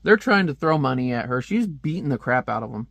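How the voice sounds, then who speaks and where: A man's voice: mid-range voice, animated, a little fast, creaky, a bit bright, no room sound. A man giving casual, joking commentary while reviewing a comic book page by page. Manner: chatty, joking asides.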